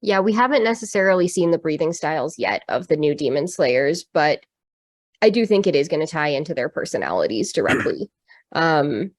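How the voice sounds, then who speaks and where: A woman's voice: low voice, very animated, a little fast, no room sound. A woman co-hosting a podcast, talking in a thoughtful, rambling way with lots of fillers. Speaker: podcast co-host. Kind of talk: casual chat.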